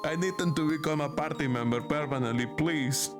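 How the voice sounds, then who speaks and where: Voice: mid-range voice, brisk. A streamer chatting playfully while reading game text aloud during a livestream. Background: game music.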